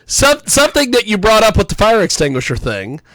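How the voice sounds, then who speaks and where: Guy hosting a radio interview, slightly high voice, dry close sound, rambly and laughs a lot. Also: wildly swooping pitch, a little fast, fairly bright tone, no echo. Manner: chatty, laughs easily, stumbles on words. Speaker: radio host. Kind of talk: casual interview chat.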